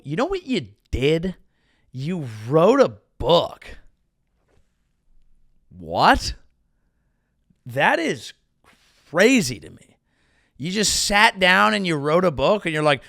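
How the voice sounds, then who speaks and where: A man's voice: on the high side, big pitch swings, a little slow, gravelly, a bit bright, no room sound, clean studio sound. A male comedian hosting his show, riffing in a rambling, crude, self-interrupting way. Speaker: comedian host. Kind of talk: comedic commentary.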